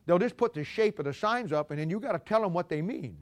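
A man preaching a folksy sermon, telling road-sign jokes and personal stories with animated swings between loud and hushed delivery. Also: sits high, fast talker. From Missouri, USA. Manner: animated storytelling, swings from loud to quiet, laughs at own jokes. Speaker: pastor.

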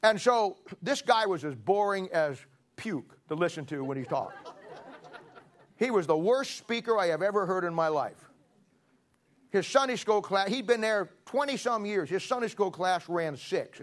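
A middle-aged man preaching a sermon, telling stories in a folksy way and building to forceful emphasis. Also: high-pitched. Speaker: pastor. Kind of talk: storytelling sermon.

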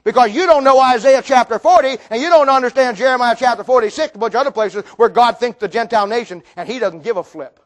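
High-voiced fiery preacher man. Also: fast, few pauses. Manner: fiery, folksy, rhetorical questions, bursts of shouting. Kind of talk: sermon.

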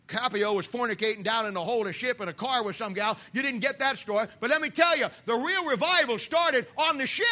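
A man preaching a sermon with a striking high pitch and a bright, piercing edge. He swings from booming shouts down to hushed, quiet asides. He has a fiery pulpit manner.

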